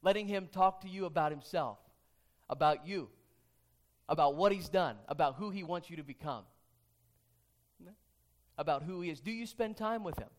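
A man's voice: fairly high pitch, moderate pace, long pauses. A pastor preaching a sermon and reading scripture, earnest, often repeating his questions and restarting phrases. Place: church sanctuary.

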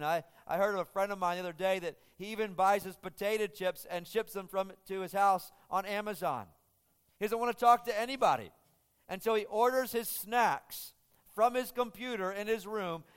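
Pastor preaching in a reverberant hall. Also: male voice, high voice, clean tone. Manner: earnest, conversational preaching with frequent restarts. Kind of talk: sermon.

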